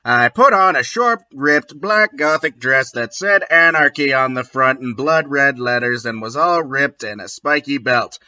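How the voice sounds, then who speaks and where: A man reading aloud as a melodramatic goth teenage girl, slow and mock-dramatic. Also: mid-range voice, pushed and bright, muffled recording. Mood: mock-tragic.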